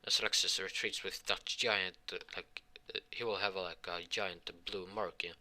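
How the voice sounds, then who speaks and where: Man, improvised storyteller; halting, rambling delivery, very bright, tense tone. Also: low voice, steady tone. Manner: voices the characters' lines in his own voice. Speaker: fan fiction storyteller. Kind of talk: improvised fan fiction storytelling.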